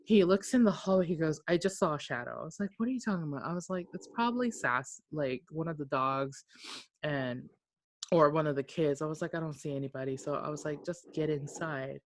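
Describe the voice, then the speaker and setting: A woman co-hosting a podcast, telling a long story in a casual way. She is animated, acts out what people said, and swears freely. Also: deep voice, brisk, no echo. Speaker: podcast co-host.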